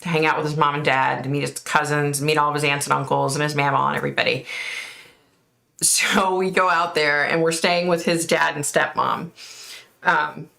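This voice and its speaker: Chatty woman with a low gravelly voice. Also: steady tone, normal speed, bright, forceful tone. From United States. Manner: chatty, laughs often, thanks viewers by name. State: overheated and sweating. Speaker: psychic hosting a live stream. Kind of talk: casual live-stream chat reading comments.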